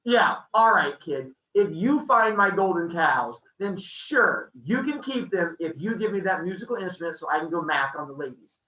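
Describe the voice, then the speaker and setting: A hot-tempered, vain god bellows and complains in big, swooping tones, as a man puts him on. The voice is bright and edged. It is heard from a distance in a roomy, dull-sounding space. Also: high-pitched, animated, normal speed, few pauses. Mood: scheming. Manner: yelling, exasperated.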